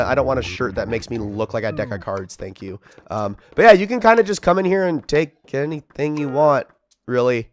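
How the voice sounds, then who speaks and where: A man hosting a video game let's play, chatting casually and lively, often tripping over his words. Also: medium pitch. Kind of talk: casual gameplay commentary.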